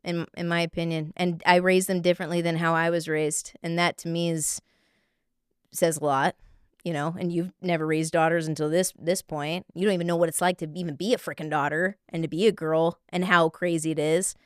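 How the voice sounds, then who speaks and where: A woman co-hosting a podcast in casual chat, lively and teasing, often laughing. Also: lowish voice, fairly quick, clear, resonant tone, no room sound, studio quality. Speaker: podcast co-host.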